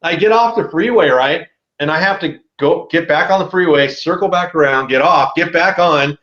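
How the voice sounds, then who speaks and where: A man as a podcast guest telling a story in a casual, animated way, with a lot of slang. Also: fairly high pitch, normal speed, reverberant, lo-fi sound.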